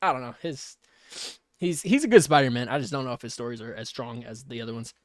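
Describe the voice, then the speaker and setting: A man's voice: mid-range voice, quick pace, dry recording, clean studio sound. A man co-hosting a streaming podcast, chatting casually and hesitantly, agreeing often. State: hiccups. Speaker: podcast co-host. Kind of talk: casual chat.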